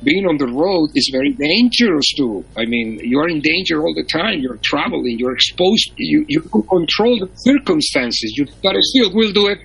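A man's voice: a little high, expressive, normal speed, gravelly, few pauses, fairly bright tone, breathy edge, poor audio. A man in his seventies, a veteran musician, telling stories as a chatty raconteur in an interview. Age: 70s. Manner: storytelling raconteur. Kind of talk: casual interview chat.

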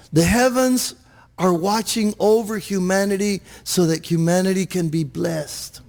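A man's voice: sits high, measured pace, creaky, darkish tone. A man preaching a sermon in church, earnest, often restarting his words and asking "Amen?". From Texas, USA. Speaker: pastor.

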